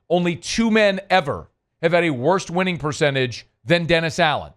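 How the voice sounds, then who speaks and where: Male sports host, high-pitched, sarcastic and incredulous, rhetorical. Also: expressive, brisk, a bit bright, clean tone. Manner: mocking, incredulous, rhetorical questions. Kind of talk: sarcastic sports talk commentary.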